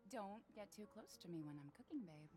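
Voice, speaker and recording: A young wife and mother in a video game. She speaks with a dry, teasing manner at a middle pitch. Faint music plays beneath her. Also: lively intonation, a little fast, mellow, breathy edge.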